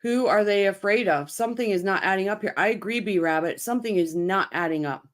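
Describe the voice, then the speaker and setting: A woman's voice: medium pitch, fairly quick. A woman hosting a livestream, talking to her chat in a heated, swearing rant, angry and upset, speaking in short repeated bursts. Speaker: channel host reacting to a court case. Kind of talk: livestream commentary, reading chat.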